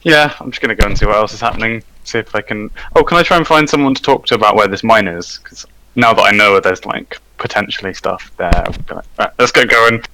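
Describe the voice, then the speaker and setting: A man's voice: lowish voice, fast talker, sharp tone, a little hiss or hum, poor audio. A man playing a tabletop game and chatting in an easygoing, laid-back way. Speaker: player. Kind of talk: casual game table talk.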